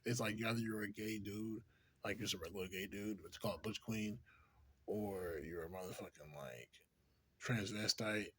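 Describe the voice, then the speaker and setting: A man with a husky, breathy voice rambles through a casual vlog monologue. He sits a little low in pitch, swears freely and keeps padding his sentences with "like" and "you know what I'm saying". He laughs off his own lost trains of thought as he goes. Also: moderate pace, a bit bright. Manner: profane, rambling, heavy use of "like"; laughs often between thoughts. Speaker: vlogger.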